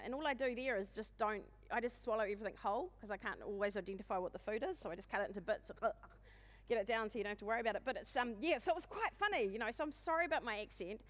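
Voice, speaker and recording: A woman in her forties with a New Zealand accent, giving a humorous, self-deprecating keynote talk in a loud, booming voice and speaking fast. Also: lively intonation. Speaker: conference speaker. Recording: long hall reverb.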